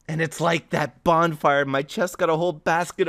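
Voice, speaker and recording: A man reading his own novel aloud in the first person, animated and excitable as he rambles on. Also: a little high, normal speed, few pauses, no room sound. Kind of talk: first-person story narration.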